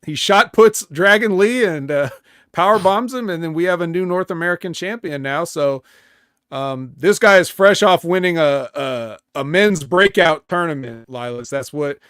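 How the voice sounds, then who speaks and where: A man co-hosting a wrestling podcast over a remote call, recapping matches in a halting way with fillers. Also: on the high side, a bit bright, smooth, no room sound, studio quality. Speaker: podcast co-host.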